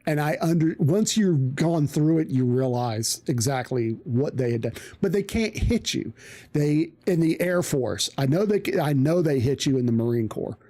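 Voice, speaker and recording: A man casually telling a profane story on a live stream, animated and acting out the voices of people he quotes. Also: on the high side, normal speed.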